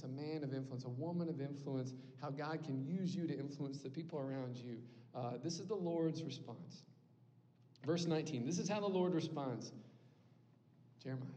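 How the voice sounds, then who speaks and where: A man's voice: fairly high pitch, dark tone. Earnest young man preaching in a hall. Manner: earnest, conversational preaching with frequent "right?" and "man". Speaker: campus ministry preacher. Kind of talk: sermon. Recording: long hall reverb.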